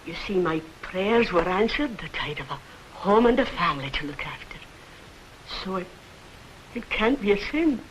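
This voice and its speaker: A woman's voice: mid-range voice, animated, normal speed, slight background noise, natural voice, low-quality recording. A woman playing an earnest, lilting woman. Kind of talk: 1940s film dialogue.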